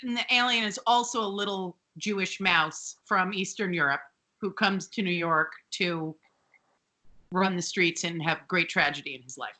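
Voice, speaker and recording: A woman co-hosting a podcast in casual chat, sarcastic and animated, swearing freely. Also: on the low side, normal speed, poor audio. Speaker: podcast co-host.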